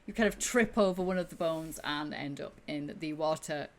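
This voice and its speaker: A woman's voice: low-pitched, normal speed. A woman acting as game master, narrating a tabletop game in a playful way and laughing often.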